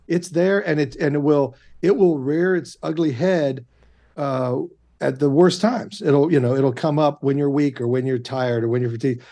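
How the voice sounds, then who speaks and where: A man in his fifties, a guest on a podcast, telling candid stories and breaking into loud self-coaching outbursts. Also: a little high, normal speed. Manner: animated, shifts into loud self-coaching shouts. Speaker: guest, actor and comedian. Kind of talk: candid conversational storytelling. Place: podcast studio.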